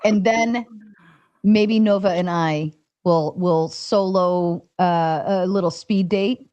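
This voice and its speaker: A woman's voice: lowish voice, takes it slowly, warm tone, dry recording, highs cut off. A woman hosting a live stream panel in casual chat, giggly and bantering, swearing freely. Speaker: stream host and panel moderator.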